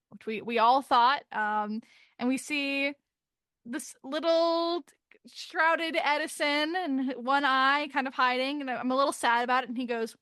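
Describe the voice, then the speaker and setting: Young woman, podcast co-host, casual and self-mocking, voice on the high side, recorded dry and close. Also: measured pace, fairly bright tone, dry recording. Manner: chatty, self-deprecating, laughs often. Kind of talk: casual chapter recap chat.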